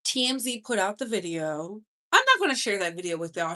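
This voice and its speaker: Sassy, bright-voiced woman gossip host. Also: medium pitch, very animated. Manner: chatty, sassy, speeds up and slows down for emphasis. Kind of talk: casual live-stream chat.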